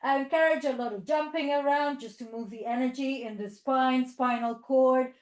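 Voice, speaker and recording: The audio is poor and reverberant as a woman with a high-sitting voice speaks at normal speed. She instructs yoga teachers, guiding them through poses with encouragement and playful animal sounds for children.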